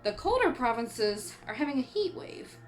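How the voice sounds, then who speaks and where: A woman's voice: sits high, very animated, normal speed, soft background music. A woman from Canada chatting casually in a horror movie review vlog, rambling and laughing often, and she has the hiccups. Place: home on an island in eastern Canada.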